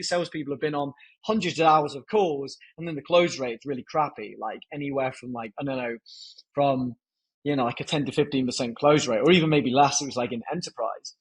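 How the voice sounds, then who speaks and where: A man with a slightly husky, fairly high voice talks shop as a podcast guest. He speaks with casual energy and leans heavily on "like" between thoughts. It comes across as an unscripted interview chat. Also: poor audio. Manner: energetic, filler-heavy with frequent "like". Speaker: podcast guest, company founder.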